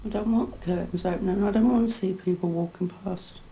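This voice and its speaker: A blunt woman speaking openly in a documentary interview. Her voice is mellow and soft-edged, with faint noise in the background. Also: mid-range voice, steady tone, a little fast, poor audio. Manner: blunt, frank and profane. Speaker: documentary subject.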